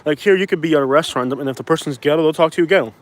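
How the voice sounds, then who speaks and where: Strolling outdoors through a town, this higher-voiced man from Cuba live streams and vlogs in a loose, rambling way, full of fillers, reading chat comments aloud. Racing also comes up.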